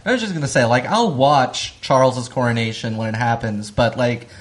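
A woman's voice: a bass voice, moderate pace, a little hiss or hum. A woman co-hosting a podcast, recapping the plot in a dry, laid-back way. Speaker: podcast co-host. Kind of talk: casual recap chat.

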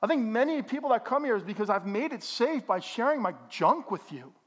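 A middle-aged man preaching a sermon as a pastor in a church, animated and joking with the congregation. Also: extremely high pitch, a little fast.

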